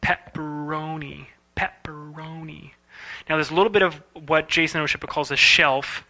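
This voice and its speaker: A man's voice: fairly high pitch, fast talker, bright, forceful tone. A man giving a casual, playful animation lecture, demonstrating words aloud as he teaches. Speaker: animation instructor. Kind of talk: recorded lecture.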